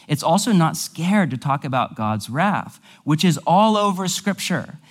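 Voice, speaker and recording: A man's voice: a little high, very animated, measured pace. A male pastor teaching a sermon in a conversational, explanatory way, with casual asides.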